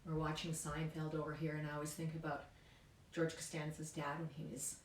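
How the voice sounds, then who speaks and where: A woman leading a yoga class in a calm, encouraging way, often checking in with "right?". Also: low-pitched, fairly quick, a little hiss or hum. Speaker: yoga instructor. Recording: roomy echo, mic at a distance.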